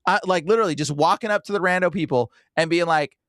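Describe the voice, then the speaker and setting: Podcast host, male, high and very animated, casual rants, dry close mic. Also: fast, no echo. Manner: animated, impersonates people he talks to.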